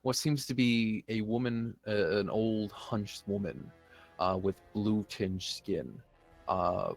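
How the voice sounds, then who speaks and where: Game master: male, low and gravelly voice, measured scene narration with filler pauses. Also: faint music behind.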